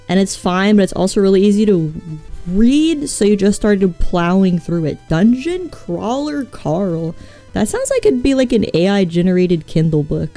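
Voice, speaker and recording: Speaking in a mid-range voice that's scratchy and mellow, this VTuber wanders between subjects on her live stream and curses without restraint. Her tone is laid-back and self-deprecating, with quiet music in the background.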